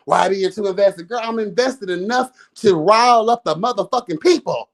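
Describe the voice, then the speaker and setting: A man's voice: sits high, moderate pace, hardly any pauses. A man in his thirties, a reality show commentator, giving a profane, sassy, exasperated rant on a live review and calling his listeners girl and y'all. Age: 30s.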